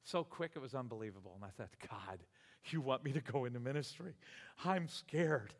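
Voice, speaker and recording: A man in his sixties preaching a sermon as pastor, animated and exclamatory, often chuckling between points. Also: medium pitch, normal speed. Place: church sanctuary. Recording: long hall reverb.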